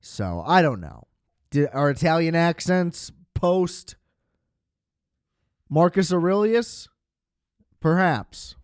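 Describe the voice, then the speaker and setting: Smooth, dry-sounding podcast host rambling sarcastically. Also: male voice, a little high, lively intonation, slow pace, long pauses, darkish tone, no room sound. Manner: rambling, sarcastic, swears freely, many fillers. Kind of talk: casual film review monologue.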